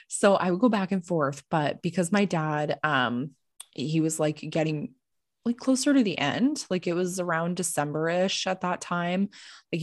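A woman's voice: lowish voice, no room sound, studio quality. A young woman on a video call telling a story casually, chatty and full of "like", laughing when things get awkward.

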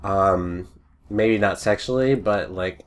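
A young man chatting casually on a podcast, rambling and joking, and acting out little shouted scenes. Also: deep voice, takes it slowly. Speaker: podcast host. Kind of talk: casual chat.

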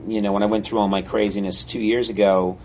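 With a fairly low pitch and a fast delivery, a comedian guest animatedly recounts stories in a casual interview. He acts out scenes complete with sudden yelps, and there's a little hiss or hum on the recording.

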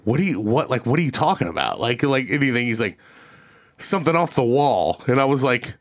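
A man's voice: mid-range voice, fairly quick. A man hosting a studio podcast, telling a story casually, swearing freely and acting out the voices of the people in it. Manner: animated, profane, acts out quoted voices. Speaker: podcast host.

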